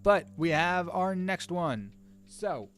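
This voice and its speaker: A man's voice: high voice, expressive, slow, a bit bright, clear, resonant tone. A young man chatting casually on a live stream while he draws, rambling and stopping himself mid-sentence, with faint music behind him. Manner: rambling, self-interrupting, chats to viewers by name. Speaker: streamer drawing with live chat.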